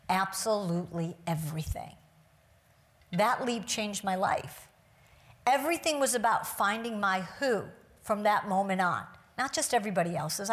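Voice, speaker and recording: A woman giving a talk to a live audience from a stage, telling a personal story in an earnest, reflective way. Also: mid-range voice. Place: stage before a seated audience.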